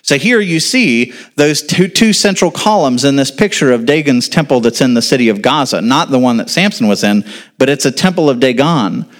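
A man's voice: medium pitch, expressive, normal speed. A male pastor preaching to a congregation in a casual style, quizzing his listeners and then answering his own questions. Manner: asks the audience questions, then answers them; informal, with casual asides. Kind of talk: sermon.

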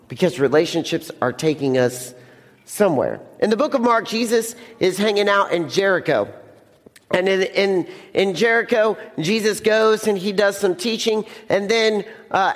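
A man's voice: sits high, big-room sound. A young man preaching a casual sermon to teenagers as a youth pastor, often repeating words and acting out the scene.

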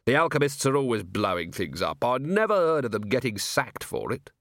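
A man voicing a weary, blunt watch commander with a dry, deadpan manner, in an audiobook reading. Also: mid-range voice, brisk, creaky, no echo. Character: weary gruff middle-aged male city watch commander. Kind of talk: audiobook character voice.

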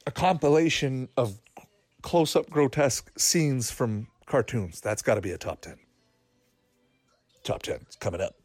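A man's voice: medium pitch, unhurried, pauses often, a little mellow, dry recording, faint music behind. A man chatting casually while watching a cartoon, laughing often and thinking aloud with fillers. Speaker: cartoon reaction commentator. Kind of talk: casual watch-along commentary.

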